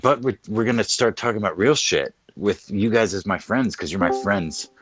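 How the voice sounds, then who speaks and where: A man's voice: on the low side, moderate pace, breathy edge, no room sound. A man co-hosting a live online podcast in crude, joking, rambling banter. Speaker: podcast co-host. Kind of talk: casual live-stream banter.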